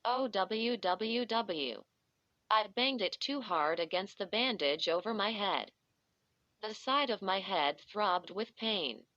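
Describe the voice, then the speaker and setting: Slow, bright-voiced woman reading a story. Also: mid-range voice, animated, no room sound. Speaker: audiobook narrator. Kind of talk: first-person story reading. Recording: dull lo-fi dry recording.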